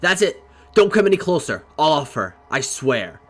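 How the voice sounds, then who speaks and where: A man voicing a desperate, unstable male hostage taker from a game, shouting in agitation. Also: medium pitch, moderate pace, natural voice. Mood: agitated threatening.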